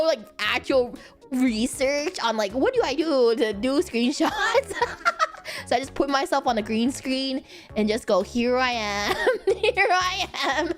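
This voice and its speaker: A young woman streaming casually, rambling playfully and laughing often. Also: high-pitched. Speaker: VTuber streamer. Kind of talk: casual live-stream chat.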